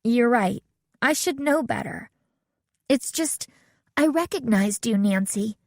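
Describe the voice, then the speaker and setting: A woman's voice: fairly high pitch, animated, no echo, studio quality, pitched above the performer's own voice, exaggerated voice. A woman voicing an eager young teenage girl who gushes apologies in an audiobook. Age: child of 13 or 14 as played. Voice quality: rushed, gushing apologies.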